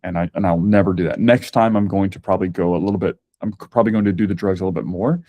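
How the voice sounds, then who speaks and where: A man's voice: low-pitched, very fast, dry recording, lo-fi sound. A man talking as a podcast guest, candid and chatty as he tells his story. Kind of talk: casual conversation.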